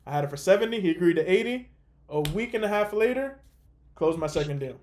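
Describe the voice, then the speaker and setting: A young man hosting a call, telling a story in a casual, animated way with lots of fillers. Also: high voice, fast. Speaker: host.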